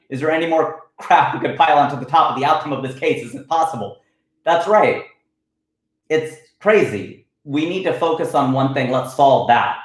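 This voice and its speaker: A man's voice: fairly high pitch, heavy reverb, low-quality recording. A man from Ohio hosting a comedy livestream, arguing animatedly and answering chat comments. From United States, Ohio. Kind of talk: casual livestream rant.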